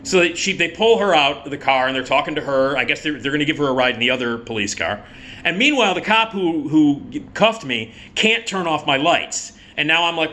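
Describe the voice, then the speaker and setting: A middle-aged man casually telling a personal story, animated and swearing freely, acting out the people in it. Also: fairly high pitch, fairly quick. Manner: animated, acts out the cop and himself in quoted voices.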